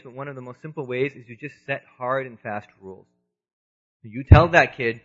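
A man's voice: mid-range voice, fairly quick, soft background music. A man giving an Islamic sermon, earnest and emphatic, sometimes acting out the voices he quotes. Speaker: preacher. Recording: dull lo-fi sound.

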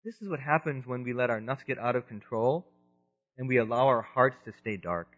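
A man's voice: medium pitch, a little fast, a bit bright. Earnest male preacher, lo-fi sound. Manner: earnest, emphatic, acts out quoted voices. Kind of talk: Islamic sermon. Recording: dull lo-fi sound.

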